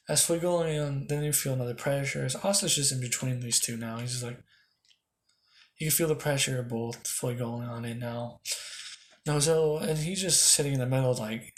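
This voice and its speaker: Brief: young male storyteller, improvised and rambling, mid pitch, close mic. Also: steady tone, normal speed, slight background noise. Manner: rambling, lots of fillers and restarts. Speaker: fan storyteller. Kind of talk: improvised fan-fiction storytelling.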